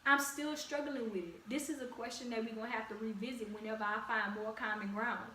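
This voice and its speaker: A young woman with a heavy Louisiana accent talks straight to her listeners, encouraging and casual, with plenty of slang. Her voice sits a little high for a woman. She's a bit off-mic in an echoey room with faint ambient hiss. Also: fairly even intonation, fairly quick, bright, forceful tone, far from the mic. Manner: direct, encouraging, conversational with slang. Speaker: podcast host. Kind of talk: casual solo podcast talk.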